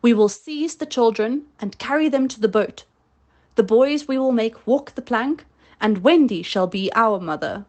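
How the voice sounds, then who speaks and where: A woman doing a menacing pirate captain, storybook villain, slow and commanding, theatrical. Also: on the high side, expressive, darkish tone. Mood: scheming. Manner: theatrical, commanding, growing fearful.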